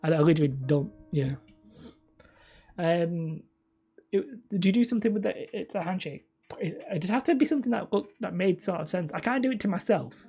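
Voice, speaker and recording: A man's voice: high-pitched, animated, a little fast, creaky, dark tone, breathy edge, soft background music. A man from northern England chatting casually with viewers as a hobby channel host, mumbly and a little whiny, rambling and self-mocking. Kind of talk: casual live-stream chat.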